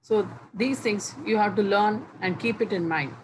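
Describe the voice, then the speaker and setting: A woman teaching English grammar, explaining each rule slowly and repeating the example words one by one with pauses between phrases. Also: mid-range voice, poor audio. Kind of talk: slow, deliberate classroom explanation. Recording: faint background noise.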